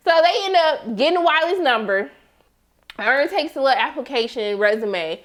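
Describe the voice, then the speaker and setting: Lady recapping a tv show, high voice, swoops all over, keeps laughing. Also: normal speed. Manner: animated, laughing, quotes characters in voices. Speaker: TV recap host. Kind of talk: casual episode recap.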